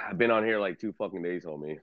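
A man's voice: deep voice, brisk, dry recording, lo-fi sound. A man streaming in a casual video chat, laid-back and teasing, swearing freely. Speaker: streamer and tarot card reader.

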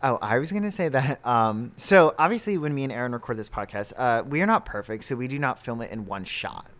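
A man's voice: medium pitch, expressive, a little fast, fairly bright tone. A young man co-hosting a podcast in casual chat, rambling and laughing at himself. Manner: laughing, rambling, self-mocking. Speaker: podcast co-host.

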